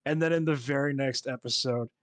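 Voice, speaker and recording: A man's voice: medium pitch, steady tone, a little fast, no room sound. Male co-host, sarcastic critic, dry close-miked sound. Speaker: podcast co-host. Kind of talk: casual chat recapping a TV episode.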